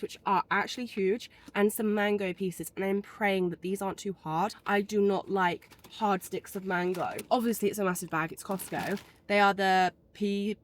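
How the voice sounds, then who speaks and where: Hoarse, chatty woman vlogging. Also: medium pitch. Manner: chatty, candid, self-mocking. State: hoarse from a cold. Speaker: travel vlogger. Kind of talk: casual vlog chat to camera.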